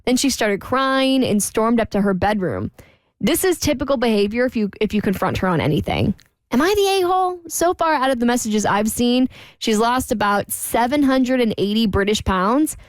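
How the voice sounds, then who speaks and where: Woman, show co-host, reading a listener letter, lively and chatty, fairly high voice, dry close sound. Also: moderate pace, no echo. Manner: lively, chatty, laughs between lines.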